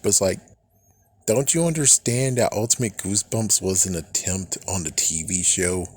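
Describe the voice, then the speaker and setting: A young man ranting about books in a casual, rambling way, excitable and swearing often, mocking imagined critics in quick put-on voices. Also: fairly low pitch. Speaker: book fan vlogger. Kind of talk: casual rant.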